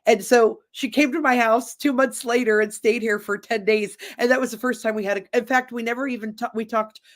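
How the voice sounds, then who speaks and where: A man's voice: very high voice, fairly even intonation, brisk, fairly bright tone. A man speaking as a guest in a candid, casual chat, rambling with frequent restarts.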